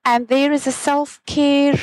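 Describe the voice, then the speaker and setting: A woman guest on a podcast, calmly explaining practical tips as a career coach. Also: high voice, measured pace, no room sound. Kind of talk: casual podcast interview. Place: remote call.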